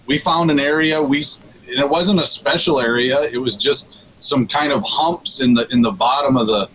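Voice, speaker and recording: A man speaks casually as a radio guest, his voice sitting in an ordinary middle pitch. He rambles with many restarts and breaks into laughter, and a faint noise sits under the voice. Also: fairly bright tone, poor audio. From Minnesota.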